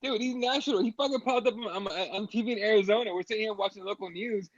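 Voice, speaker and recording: A man's voice: high voice, quick pace, no room sound, highs cut off. A man co-hosting a podcast in casual, profane chat who laughs along with his partner. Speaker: podcast co-host.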